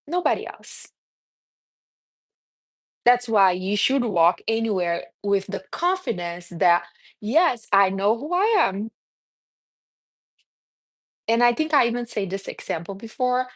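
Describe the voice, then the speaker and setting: A woman speaking English as a second language, with a non-native accent, giving a casual motivational talk and calling her listeners honey. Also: medium pitch. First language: not English. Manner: animated, calls listeners honey. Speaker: self-help speaker.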